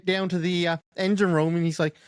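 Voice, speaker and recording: A man's voice: sits high, flat delivery, fairly quick, smooth, no room sound, studio quality. A man hosting a casual talk, easygoing and chiming in with short agreements. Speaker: host. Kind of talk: casual chat.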